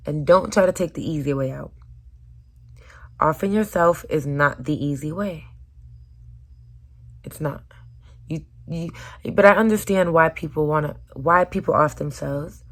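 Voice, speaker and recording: A young woman talking earnestly to her viewers in a personal vlog, her voice hoarse from screaming, moving between loud urging and soft near-whispers. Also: sits low, fairly even intonation, normal speed. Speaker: vlogger.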